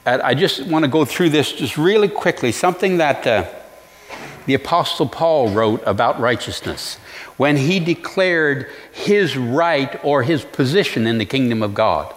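A male pastor preaching a sermon in an earnest way, pausing to reflect and restarting his phrases. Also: mid-range voice, lively intonation, long reverb tail.

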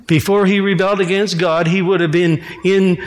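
A man's voice: sits high, flat delivery, normal speed, big-room sound. A man preaching a sermon in a church, reading scripture and mixing in casual asides and jokes. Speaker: pastor.

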